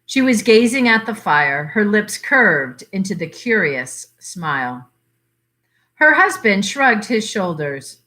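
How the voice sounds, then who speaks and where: Slow, expressive woman reading a story. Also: medium pitch. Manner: measured, expressive narration. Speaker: library story reader. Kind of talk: reading a short story aloud.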